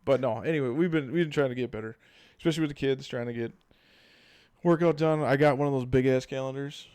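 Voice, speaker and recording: A man in his thirties rambles through casual podcast chat. He swears freely and acts out bits of dialogue with lots of energy. His voice sits in a middle pitch, recorded close and dry with no room sound. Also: fast talker, smooth, no echo. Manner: rambling, profane, animated storytelling with acted-out quotes. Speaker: podcast co-host.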